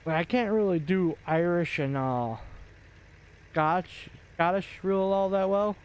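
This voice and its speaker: A man talking through his game session at a leisurely, unhurried pace, drifting from thought to thought with plenty of "uh"s and restarts. His voice sits a little higher than most men's and stays relaxed and casual, close to a desk mic. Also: smooth. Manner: rambling, many fillers and restarts. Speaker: gaming video creator. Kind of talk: casual commentary while playing a game.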